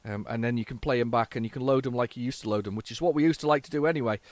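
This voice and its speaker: Guy rambling about old tapes, gets excited easy, makes fun of himself. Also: mid-range voice, very fast, no echo. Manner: excitable, rambling, self-mocking chatter. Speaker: host. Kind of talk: casual commentary on retro computer tapes.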